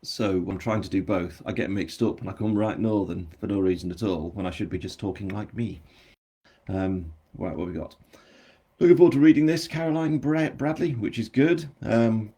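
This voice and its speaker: An English man with a general English accent, an author hosting his book launch, chats casually on a live stream, rambling and poking fun at himself as he answers viewer comments. His voice is on the low side and dark, with a breathy edge, and he talks at a normal speed.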